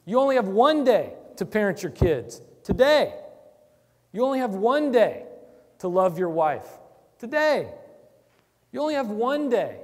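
A man giving a conversational sermon to a church, moving from quiet reflection to loud, emphatic urging. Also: high voice, long reverb tail. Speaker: church speaker.

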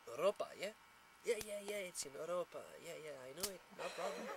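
A Frenchman with a French accent tells a casual anecdote in English, laughing often and acting out the people he quotes. His voice is high and a bit bright at a moderate pace, with slight background noise.

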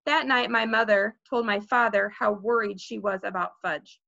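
A woman teacher reading a children's novel aloud with expressive storytelling, in a dull lo-fi recording. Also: mid-range voice, normal speed, vocal fry, no echo. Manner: expressive storytelling, with light laughs.

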